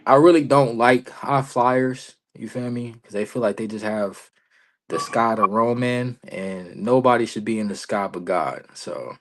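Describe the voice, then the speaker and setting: A young man talks through his wrestling stories on a remote podcast call, animated and full of street slang. His voice sits at an ordinary middle pitch for a man. He tells it loose and conversational, acting out the lines he quotes. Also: a little slow, slight background noise. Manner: animated, slangy, lots of "bro" and "you feel me". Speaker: wrestler guest. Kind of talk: casual interview storytelling.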